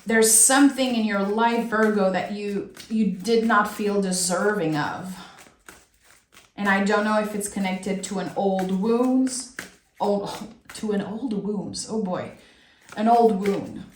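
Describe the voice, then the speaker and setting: A woman's voice: mid-range voice, a little slow, echoey room, slight background noise. A woman with a French accent, a native French speaker, giving a soulful tarot reading in a reflective, giggly way with many restarts. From France. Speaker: tarot reader.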